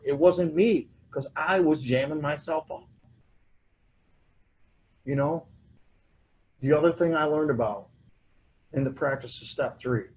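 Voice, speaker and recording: A man's voice: on the high side, mellow, low-quality recording. A man speaking at a recovery convention, sharing his personal story in a loose, self-mocking way. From United States. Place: convention hall.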